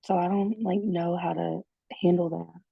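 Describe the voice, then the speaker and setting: A woman's voice: on the low side, steady tone, normal speed, creaky, breathy edge, dry recording. A mother in a parenting group, telling her story on a call in a hesitant, rambling way full of fillers. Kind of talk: casual account on a group call. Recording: dull, dry lo-fi call audio.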